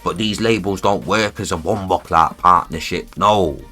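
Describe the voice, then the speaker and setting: A music producer streams live from his home studio, ranting in a heated, sweary, repetitive way. His voice is low-pitched with a sharp tone at normal speed, with soft music in the background.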